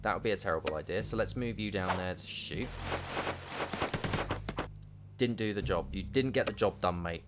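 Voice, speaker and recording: Male streamer, lowish voice, easygoing play-by-play over game music. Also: normal speed, long pauses. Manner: chatty, talks to game units as mates. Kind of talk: casual gameplay commentary.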